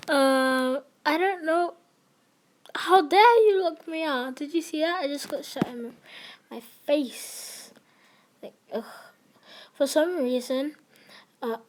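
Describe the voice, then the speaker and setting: A young woman chatting casually and giggling while she plays and streams an online game. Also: a little high. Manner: chatty, giggly, easily excited. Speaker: gamer streamer.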